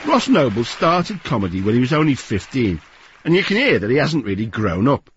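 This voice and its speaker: A man presenting a radio programme with measured, wry, scripted narration. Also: medium pitch, very animated, highs cut off, a crowd in the background, background noise.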